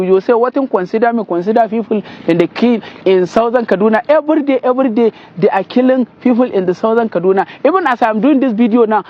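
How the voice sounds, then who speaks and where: A Nigerian man with a very high voice that swoops up and down as he scolds. His tone is indignant and his words come in bursts. The sound is dull and lo-fi. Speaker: political commentator. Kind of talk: commentary translating a clip.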